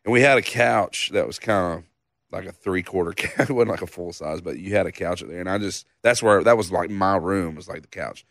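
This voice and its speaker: A man's voice: low voice, a little fast, a bit bright, no room sound. A man in his thirties, a songwriter guest, telling a casual story with laughs and a loose, slangy manner.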